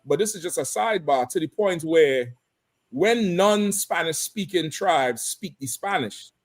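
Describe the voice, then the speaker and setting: A man hosting a relaxed talk show, his voice sitting a little high for a man. He talks loosely, cursing as he goes, and breaks into laughter often. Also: measured pace. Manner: loose, laughing, swears freely. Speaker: host. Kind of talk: casual chat on a live show.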